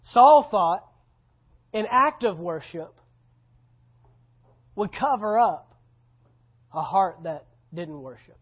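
A man's voice: high voice, very animated, takes it slowly, pauses often, husky. Conversational, emphatic male pastor preaching. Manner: conversational, emphatic, repeats key phrases. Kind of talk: sermon. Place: church service. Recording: slightly dull lo-fi recording.

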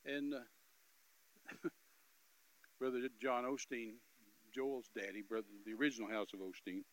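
A man giving an animated, emphatic storytelling testimony as a minister, with repetitive phrasing and loud bursts. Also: medium pitch, normal speed, low-quality recording.

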